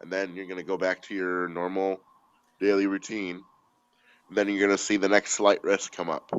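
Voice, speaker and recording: A man's voice: sits low, flat delivery, normal speed, smooth, no room sound, highs cut off. A man co-hosting a casual chat, dropping in dry teasing remarks. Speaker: podcast co-host.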